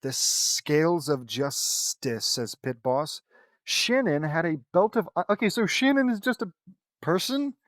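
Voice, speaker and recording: His voice sits high and sing-song, at a moderate pace with a fairly bright tone and no echo. He reads a fan fiction aloud in a casual way, belting out quoted battle cries before interrupting himself with jokes and laughter, commenting like an audiobook reader reacting to the text.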